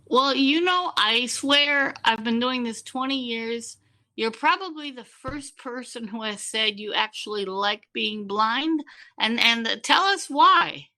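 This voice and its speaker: A woman hosts a casual podcast interview, asking questions in a chatty way and often repeating words as she starts them. Her voice is bright and edged, and it sits fairly high. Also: animated, slow pace. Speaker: podcast host.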